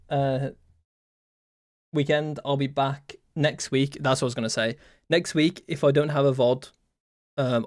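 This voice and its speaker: Young man, from the West Midlands, game coach, casual stream chat, rambling, repeats himself, average pitch, dry. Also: darkish tone, dry recording. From West Midlands, England. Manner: rambling, repeats phrases, many fillers.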